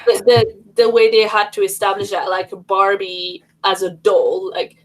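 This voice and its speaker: A woman's voice: medium pitch, flat delivery, unhurried, poor audio. Woman, livestream host, casual chat, rambling, lots of fillers. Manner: rambling, many fillers and restarts.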